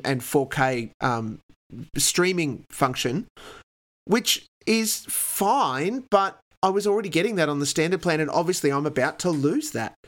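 A man's voice: on the high side, fairly bright tone. A middle-aged man with an Australian accent, giving chatty, opinionated takes as a podcast panelist. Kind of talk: casual podcast chat.

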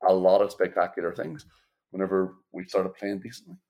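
A man's voice: low voice, a little fast, warm tone. A man co-hosting a football podcast, chatting bluntly with swearing and laughs. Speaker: podcast co-host. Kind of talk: casual football chat.

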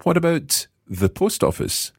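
Male language teacher, low voice, lively intonation, close dry mic. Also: vocal fry, slightly rough, no room sound. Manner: patient, encouraging, slows down to repeat phrases. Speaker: language course host. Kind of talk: teaching Italian phrases.

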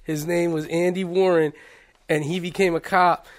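A podcast co-host on a casual talk show tells crude, laughing stories about his youth. His voice is a little high with a level tone and a moderate pace.

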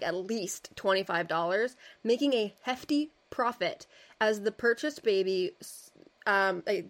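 Woman co-host, casual storytelling, says "like" often, middle pitch. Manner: casual, uses filler "like". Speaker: podcast co-host.

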